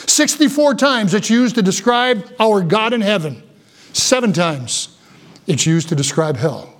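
A man preaching with a strikingly high voice. He delivers a fervent sermon as a pastor, dropping low and soft for solemn warnings and climbing again as he urges his listeners. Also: lively intonation, a little slow.

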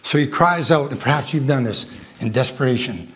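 A middle-aged man preaching a sermon, halting with restarts and fillers, then swelling with fervent emphasis. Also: mid-range voice, a bit bright, slightly rough.

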